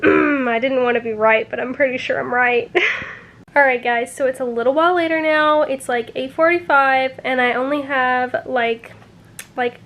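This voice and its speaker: High-voiced chatty woman book vlogger. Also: fairly bright tone. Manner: chatty, says "like" a lot; openly emotional, swears when upset. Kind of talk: casual reading-reaction vlog.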